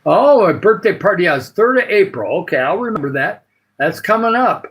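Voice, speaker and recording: Older Michigan man, livestream host, meandering casual chat, filler-heavy, voice sits a bit high. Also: very animated, brisk, a bit bright, low-quality recording. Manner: rambling, many filler uhs. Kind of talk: casual live chat with viewers.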